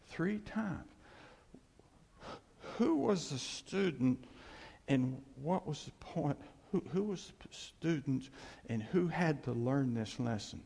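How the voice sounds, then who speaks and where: Male Bible teacher, husky and gravelly, chatty delivery with acted-out bits, long hall reverb. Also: mid-range voice, a little mellow. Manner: conversational, acts out scenes, laughs often.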